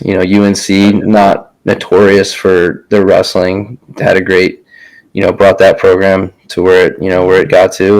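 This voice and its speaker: Host: young adult man, low gravelly voice, laid-back, loose conversational delivery. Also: low-quality recording. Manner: relaxed, many fillers and restarts. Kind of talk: casual chat.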